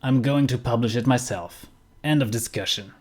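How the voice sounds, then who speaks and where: Man playing a cold, menacing middle-aged scientist father, slightly low. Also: normal speed, natural voice. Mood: cold, contemptuous. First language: German.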